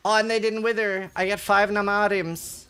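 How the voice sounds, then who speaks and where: A man's high-sitting voice comes across level, pushed and bright, clear and resonant, at a normal speed as he streams a game. He's chatty and jokey, reading his viewers' chat aloud and replying.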